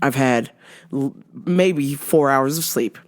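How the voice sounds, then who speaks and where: A woman host telling a story in a profane, animated rant and laughing often. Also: rumbling low, slow pace. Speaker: podcast host.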